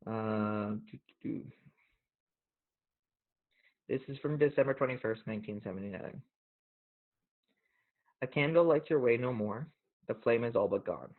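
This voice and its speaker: Earnest low-voiced man on a tinny line. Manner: earnest, reflective, gently emotional. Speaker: podcast host. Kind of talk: casual talk and reading poems aloud. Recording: tinny phone-like audio.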